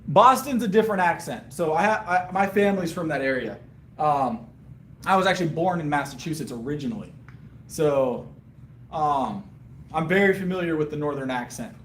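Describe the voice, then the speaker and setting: A man's voice: on the high side, lively intonation, normal speed, a bit bright, reverberant, a little hiss or hum. A man, chatting casually with viewers on a live stream between lifting sets and answering their questions. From Southern US. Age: 30s. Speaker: powerlifting livestreamer.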